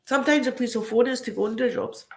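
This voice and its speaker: A woman with a Scottish accent, a podcast guest telling animated anecdotes in a casual way. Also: a little high, very fast. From Scotland. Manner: lively, animated anecdotes broken by frequent laughter. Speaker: podcast guest, crime scene cleaner. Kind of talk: casual storytelling.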